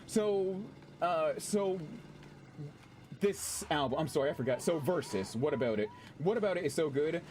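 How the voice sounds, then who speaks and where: Male game streamer, chatty and excitable, pitch swinging widely, slightly high voice, faint noise behind. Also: moderate pace. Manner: excitable and chatty, swears freely, often laughs. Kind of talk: casual gameplay commentary.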